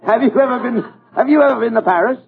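A man's voice: very high-pitched, fast talker, vocal fry. Exasperated straight man, old radio comedy. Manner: exasperated, bossy, breaking into laughter. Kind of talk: 1940s radio comedy acting. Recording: lo-fi 1940s radio with studio audience.

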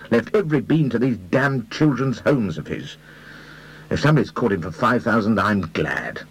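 A man voicing an irritable young man in debt in an audiobook, agitated and blustering, with a husky tone. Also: on the low side, no room sound, low-quality recording. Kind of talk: audiobook character voice.

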